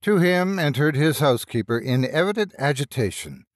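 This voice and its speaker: Male narrator for a classic ghost story, lively intonation, dry close sound. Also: a little high, moderate pace, no room sound.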